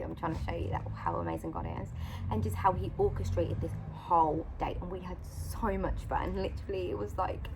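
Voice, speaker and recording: A woman, a Christian vlogger and mother, telling a faith story in a casual, animated way and acting out the dialogue. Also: on the low side, gravelly, background noise. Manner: animated, acts out quoted dialogue, frequent "like". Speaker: mother of a young son.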